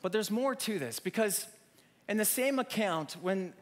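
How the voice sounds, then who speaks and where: High-voiced man telling a sermon story. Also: unhurried. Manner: animated storyteller, many restarts. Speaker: preacher.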